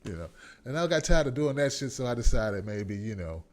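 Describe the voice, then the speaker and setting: Animated man in his forties hosting. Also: mid-range voice, brisk. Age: 40s. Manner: animated, profane, acts out voices. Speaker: host. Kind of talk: comedic talk show monologue.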